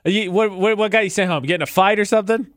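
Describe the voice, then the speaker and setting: A man's voice: high-pitched, racing, a bit bright, no echo, studio quality. A man co-hosting a radio show, teasing his co-host with playful jokes in casual banter.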